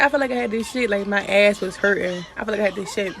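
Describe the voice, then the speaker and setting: Young woman, casual storytime, profane and animated, mid-pitched, busy crowd noise behind. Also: quick pace, gravelly. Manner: blunt and profane, animated retelling. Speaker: vlogger.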